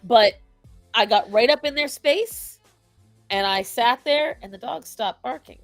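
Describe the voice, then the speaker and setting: Speaking unhurriedly in a slightly high, animated voice, a woman co-hosting a relaxed pet-behavior talk show makes her points with emphasis and strong opinions, acting out quotes along the way. Faint music plays behind the dry recording.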